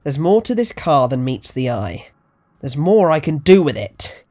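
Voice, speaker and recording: A man's voice: a little high, very animated, measured pace, a little mellow. A man voicing a young male photographer who talks in a tense, raised, insistent way.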